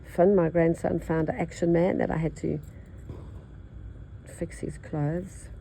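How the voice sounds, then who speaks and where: A woman's voice: lowish voice, fairly even intonation, slow, vocal fry, mellow, slight background noise, low-quality recording. An older Australian woman with a nasal voice, chatting in a rambling way while she stitches and teaches embroidery. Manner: rambling, chatty, thinks aloud. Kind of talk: casual chat while stitching.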